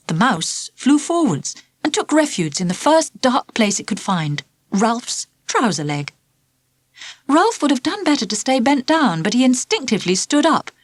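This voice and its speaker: A woman reads a children's storybook aloud in an expressive, animated way, her voice rising and falling freely through the scenes. The recording is close and dry, with no room sound. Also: mid-range voice, no echo. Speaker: audiobook narrator. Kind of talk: scripted storybook narration.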